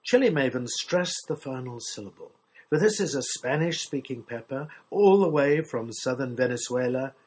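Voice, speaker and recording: A man reading a literary short story aloud in a measured, expressive storytelling manner. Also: mid-range voice, low-quality recording. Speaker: story reader.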